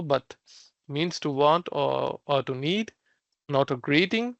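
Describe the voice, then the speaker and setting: A man's voice: fairly high pitch, steady tone, a little slow, a bit bright, no echo, muffled recording. A young man teaching a language class online, recapping the lesson with many fillers and restarts.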